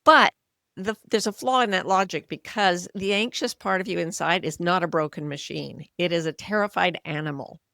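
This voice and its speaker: Gravelly, low-pitched woman in her sixties. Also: fairly quick, few pauses, dry recording, clean studio sound. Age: 60s. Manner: earnest, explanatory, softens voice when modeling kindness. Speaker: author and coach, podcast guest. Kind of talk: conversational interview.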